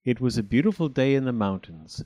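A man reading a children's storybook aloud in an expressive, animated way. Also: mid-range voice, brisk.

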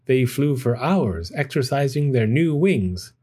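A man reads a children's storybook aloud with gentle, expressive pacing. His voice sits at a middle pitch, mellow and dark, with a soft husky grain. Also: a little slow. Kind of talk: children's picture book read aloud.

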